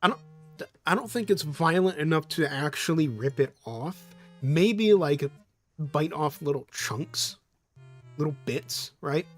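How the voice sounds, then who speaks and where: Slow, easygoing man streaming and chatting, rambling with restarts, faint music behind him. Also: a little high, lively intonation. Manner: rambling, loose and profane, with laughs and restarts. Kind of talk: casual live-stream chat.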